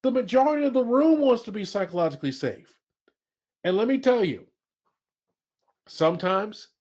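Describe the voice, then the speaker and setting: A man's voice: high-pitched, a little mellow. Emphatic man presenting a webinar. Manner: emphatic, repeats key phrases, asks the audience questions. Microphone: webinar audio. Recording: dull lo-fi webinar audio.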